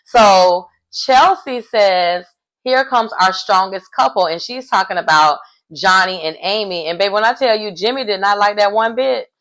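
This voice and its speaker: A young adult woman giving a casual, animated recap of a reality show. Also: medium pitch, moderate pace, low-quality recording. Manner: chatty and animated, acting out quoted lines.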